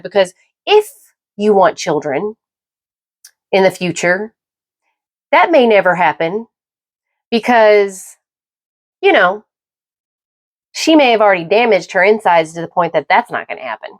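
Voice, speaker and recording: A middle-aged woman hosting her own podcast, talking through a personal, opinionated monologue in a halting, emphatic way. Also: mid-range voice, expressive. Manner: emphatic, halting with repeated restarts. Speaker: podcast host.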